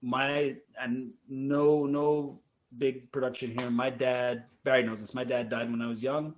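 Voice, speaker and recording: A man telling ghost stories in a casual podcast chat, animated and acting out the people he quotes. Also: medium pitch, unhurried. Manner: animated, acts out quotes, laughs often.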